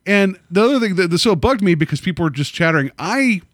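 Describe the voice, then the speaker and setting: Guy rambling excitedly about a movie, lots of likes and you-knows, dry close mic. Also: sits high, quick pace, no room sound. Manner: animated, rambling with many fillers. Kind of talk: casual movie discussion.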